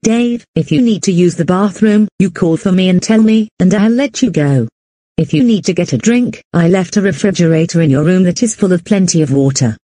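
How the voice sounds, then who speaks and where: A woman's voice: fairly low pitch, a little fast, dark tone, no room sound, close to an everyday voice. A synthetic woman voicing a scolding ex-wife. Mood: firm. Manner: lecturing, repetitive scolding. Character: strict, scolding adult woman, Dave's ex-wife. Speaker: animated character. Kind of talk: text-to-speech cartoon voice.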